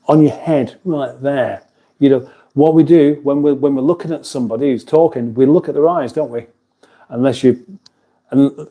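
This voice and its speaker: A man rambles through a relaxed livestream in his kitchen, talking in a very dark, mellow voice. He chuckles easily, stops to restart his sentences, and reads out viewer comments as he goes. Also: mid-range voice. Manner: rambling, chuckling, self-interrupting. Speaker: livestream host. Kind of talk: casual livestream chat reading viewer comments. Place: home kitchen.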